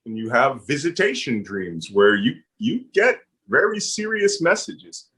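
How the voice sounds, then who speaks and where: A middle-aged man with a Philadelphia accent tells personal stories as a guest in a casual interview, earnest and heartfelt with touches of humor. His medium-pitched voice swings widely in pitch, moves a little slowly, and sounds a bit bright with a breathy edge.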